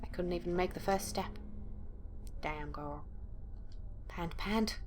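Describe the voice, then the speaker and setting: A woman's voice: lowish voice, slow, a little hiss or hum. A woman playing through a horror game, reading the story aloud dramatically and breaking in with blunt, profane asides. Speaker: let's play gamer.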